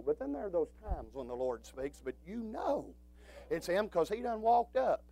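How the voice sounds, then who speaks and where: A man preaching a sermon, swinging from quiet low talk to shouted, drawn-out preaching. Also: very animated.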